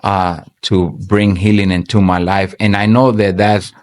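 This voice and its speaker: Earnest low-voiced man giving testimony. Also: flat delivery. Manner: earnest, halting, many restarts. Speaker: church member giving testimony. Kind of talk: personal faith testimony.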